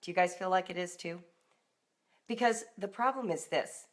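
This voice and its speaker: A middle-aged woman hosting a live-streamed talk for parents, animated and now and then acting out emotional outbursts in a raised voice. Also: fairly low pitch, moderate pace. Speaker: homeschooling author and host.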